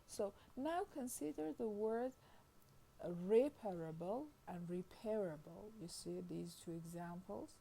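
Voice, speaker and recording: A woman's voice: mid-range voice, expressive, gravelly, dark tone, rough recording. A woman giving a linguistics lecture, reading from slides at a careful pace and often adding "I mean" and "you see" as she explains. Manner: reads slowly, repeats "I mean" and "you see", stretches out example words.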